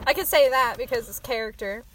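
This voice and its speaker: A woman's voice: on the high side, brisk, background noise. A woman co-hosting a podcast in casual chat, rambling, swearing freely and laughing often. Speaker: podcast co-host.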